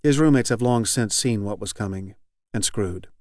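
A man's voice: fairly low pitch, normal speed, a little mellow, no echo. Dry, close-miked male audiobook narrator. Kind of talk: scripted narration.

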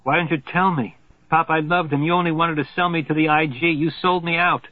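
A man's voice: on the high side, fairly even intonation, fairly quick, no room sound, voice pushed up, natural voice. A man reading aloud, voicing an easygoing young man who speaks in a casual, placating way, in a tinny, phone-like recording. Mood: accusing. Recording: tinny phone-like sound, dry.

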